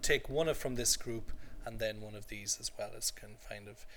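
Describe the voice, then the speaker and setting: A man's voice: lowish voice, moderate pace, a bit bright, a little hiss or hum. A man teaching an English class to adult learners, patient and repetitive, checking in often with the students. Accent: native English. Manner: patient, repeats phrases, checks understanding with "okay?".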